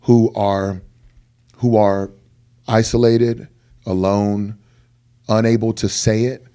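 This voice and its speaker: A man's voice: slow, clear, resonant tone. A middle-aged man, a guest rapper, telling personal stories in an earnest podcast conversation and acting out the people he quotes. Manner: earnest, animated, acts out quoted people with big pitch jumps. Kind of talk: candid podcast storytelling.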